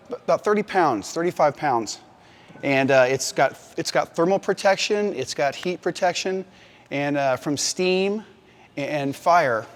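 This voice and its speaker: Slightly high-voiced firefighter talking to kids. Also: male voice. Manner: patient, plain, talks straight to kids. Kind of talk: explaining gear to children.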